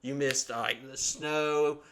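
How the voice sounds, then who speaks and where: A man's voice: medium pitch, takes it slowly. A man, from Alabama, hosting a podcast and telling a long story in a casual, profane way, acting out the voices of the people in it. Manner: profane, animated storyteller who acts out quotes. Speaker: podcast host.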